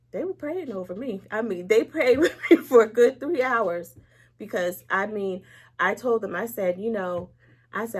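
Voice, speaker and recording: Candid woman telling her story of faith and loss. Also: mid-range voice. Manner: candid and emotional, acts out quoted speech; laughs lightly between serious words. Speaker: interview guest. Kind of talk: personal faith testimony in conversation.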